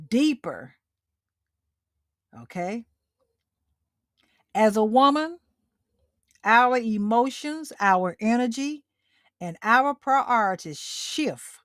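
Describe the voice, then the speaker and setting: A woman's voice: medium pitch, no echo, studio quality. A middle-aged woman hosting a motivational livestream talk, speaking directly to her listeners and repeating her key lines for emphasis. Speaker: host.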